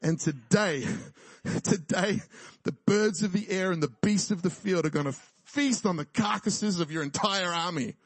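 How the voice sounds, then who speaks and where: A man's voice: high voice, moderate pace, dry recording. A man preaching, voicing a bold young shepherd boy who boasts he will beat a giant. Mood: defiant. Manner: confident, defiant.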